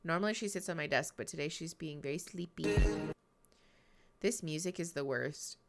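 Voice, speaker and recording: A woman's voice: low voice, moderate pace, creaky, soft background music. A woman therapist chatting casually on a live stream, chatty and self-deprecating, laughing often. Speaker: therapist streaming a reality-show reaction.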